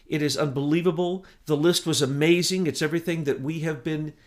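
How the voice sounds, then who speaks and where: A man delivering heated political commentary, his voice sitting a little high for a man. He speaks with impassioned intensity and now and then breaks into loud, emphatic bursts before dropping back down. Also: steady tone, fairly quick. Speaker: co-host.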